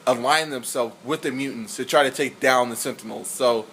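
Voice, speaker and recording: A man co-hosting a casual film review podcast, talking in an excitable, rambling way with lots of "like". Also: mid-range voice, a little fast, a little hiss or hum, poor audio. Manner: rambling, excitable, fond of filler "like". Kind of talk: casual movie review chat.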